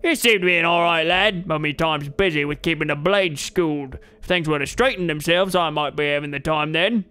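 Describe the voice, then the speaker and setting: A man's voice: on the high side, a little fast, few pauses, pushed and bright, clean tone. A man voicing a stout, bearded fist-fighting trainer who talks in a folksy, old-fashioned way. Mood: matter-of-fact. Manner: folksy, says "lad" and "me" for "my". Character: stout bearded brawler trainer, gruff and hearty.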